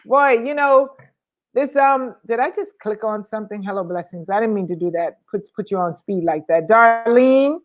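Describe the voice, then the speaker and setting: A woman co-hosting a casual livestream chat, lively and chatty, calling out viewers by name. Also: mid-range voice, normal speed. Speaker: co-host.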